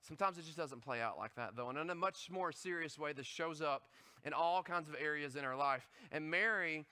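A male pastor preaching a sermon in an animated, conversational way, often asking the audience questions. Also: fairly high pitch, fairly quick, clean tone.

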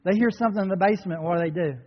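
A man preaching a sermon to a congregation, animated and conversational. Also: high-pitched, very fast. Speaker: pastor. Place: church sanctuary. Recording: dull sound in a reverberant hall.

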